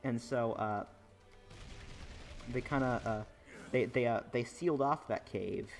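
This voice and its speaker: A young man chats over his gameplay, wandering through a story with plenty of "uh" and "like." His voice sits at an ordinary middle pitch. Faint game music plays underneath. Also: unhurried, vocal fry. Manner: rambling, filler-heavy storytelling. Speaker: gaming YouTuber. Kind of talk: casual let's play commentary.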